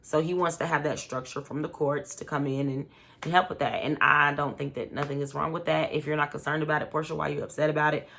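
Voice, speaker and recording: Low, bright-voiced woman recapping TV. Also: steady tone, quick pace, creaky, a little hiss or hum. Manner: chatty, retells scenes by acting out quotes. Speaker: reality TV commentator and show host. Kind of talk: casual recap commentary.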